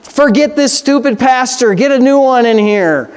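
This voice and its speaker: A man's voice: very high-pitched, lively intonation, normal speed, smooth. A male preacher voicing a complaining churchgoer who grumbles about his life and his pastor. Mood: whining.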